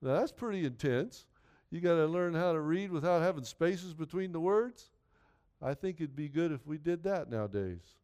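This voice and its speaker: A man delivering a sermon with a high, clear, resonant voice. He speaks earnestly and conversationally, circling back and repeating phrases as he works through scripture. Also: animated, normal speed, a little mellow. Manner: earnest, repetitive, conversational preaching. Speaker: pastor.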